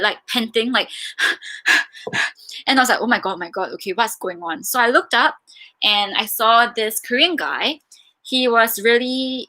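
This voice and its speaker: A young woman from Singapore answering viewer questions in a casual, chatty way, telling stories with lots of fillers. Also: a little high. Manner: chatty, animated storytelling with many fillers. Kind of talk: casual live Q&A chat.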